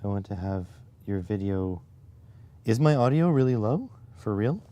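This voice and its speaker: A man's voice: lowish voice, expressive, normal speed, warm tone. A man hosting a casual live stream while he codes, losing his voice and muttering to himself between answers to his chat, on a clip-on mic. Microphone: clip-on mic near the chest.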